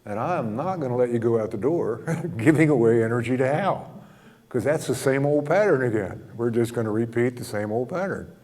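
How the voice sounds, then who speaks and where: A man giving a spiritual talk, telling stories in a gentle, humorous way and chuckling often. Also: mid-range voice, lively intonation, fairly quick. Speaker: spiritual teacher. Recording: long hall reverb.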